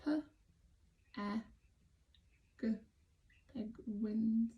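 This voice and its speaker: A woman with an English accent teaching phonics to young children, sounding out letters slowly and praising often. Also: fairly high pitch, completely flat delivery, highs cut off. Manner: slow, sounding out letters, encouraging. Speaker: early years teacher.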